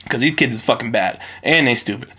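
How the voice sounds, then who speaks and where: Guy ranting solo into his phone for a podcast, lots of cussing, worked up, mid pitch. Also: fairly quick, husky. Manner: animated, profane, ranting. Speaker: podcast host.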